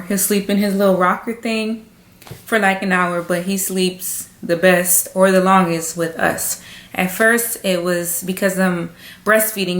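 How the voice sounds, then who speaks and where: A young woman talking frankly in a personal vlog at home, halting and emotional, with many fillers. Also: medium pitch, a bit bright. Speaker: vlogger. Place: indoors at home. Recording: echoey room, faint ambience.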